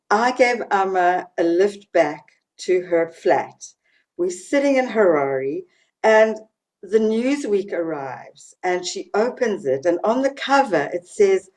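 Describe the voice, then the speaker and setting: A woman with a South African accent, a guest author, tells stories animatedly. She acts out the dialogue in a voice of ordinary pitch. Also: takes it slowly. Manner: animated storyteller acting out quotes. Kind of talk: storytelling interview.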